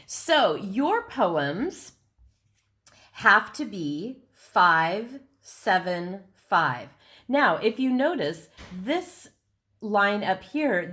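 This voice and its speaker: A middle-aged woman, an elementary school teacher, giving a recorded lesson in a patient, clear way and clapping out syllables. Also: medium pitch, a bit bright.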